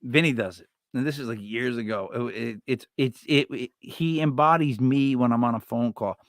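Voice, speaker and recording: A man hosting a live stream, chatting casually and telling stories with lots of restarts and sudden loud yells. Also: medium pitch, normal speed, no echo, clean studio sound. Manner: rambling storyteller with many restarts, bursts into loud yells. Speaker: livestream host.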